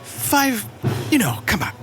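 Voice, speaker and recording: A nasal, mumbling older politician trails off into vague, soft half-sentences, as a man puts him on. The delivery drops low and quiet, over steady room noise. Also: unhurried, heavily acted. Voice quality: nasal, pinched.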